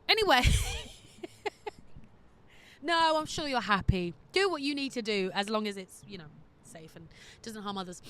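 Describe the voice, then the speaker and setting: A woman hosting an advice podcast in casual chat, candid and quick to laugh. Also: mid-range voice, sing-song, pushed and bright. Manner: chatty and candid, laughs easily. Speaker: podcast host giving listener advice.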